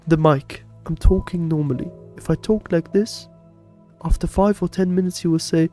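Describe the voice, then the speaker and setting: A young man vlogging a casual story in slangy, playful talk, speaking low and close to a desk mic in his bedroom. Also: steady tone, normal speed, mellow, faint music behind. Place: shared bedroom at home. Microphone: desk microphone up close.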